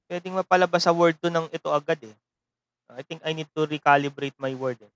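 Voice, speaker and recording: Man, Filipino accent, fairly high voice, seminary math lecture over video call, rambling with tag questions, dull lo-fi sound. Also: fast talker, fairly bright tone, smooth. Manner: rambling, tags phrases with a questioning "no?". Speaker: seminary mathematics teacher. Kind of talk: online class lecture.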